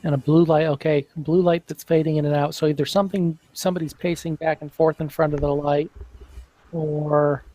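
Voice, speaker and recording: A man playing a tabletop game, reasoning through his character's options out loud. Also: on the high side, little pitch movement, moderate pace, no echo, rough recording. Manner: thinking aloud, analytical. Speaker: player.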